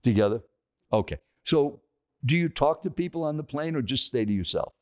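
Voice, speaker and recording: An older man, a podcast guest, telling an animated story and questioning his listeners. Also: mid-range voice, a little fast.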